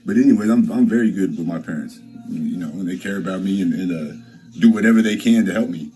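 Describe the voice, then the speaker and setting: Young guy livestreaming, kinda low voice, rambly and cussing, faint music behind. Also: mellow, poor audio. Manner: rambling, profane, halting restarts. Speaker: livestream host. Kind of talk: casual livestream chat.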